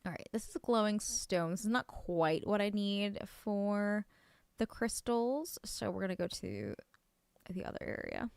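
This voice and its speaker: A woman streaming a video game in a casual, chatty way, with a gravelly edge to her voice. She gushes excitedly, then slips into soft near-whispers, all recorded close and dry. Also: medium pitch, unhurried, no room sound. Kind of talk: casual let's-play chat.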